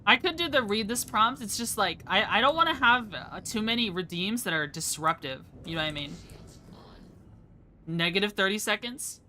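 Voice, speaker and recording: Bright-voiced chatty woman streamer. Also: mid-range voice, animated, moderate pace, slight background noise. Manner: chatty, rambling, laughs often. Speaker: VTuber streamer. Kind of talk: casual live-stream chat.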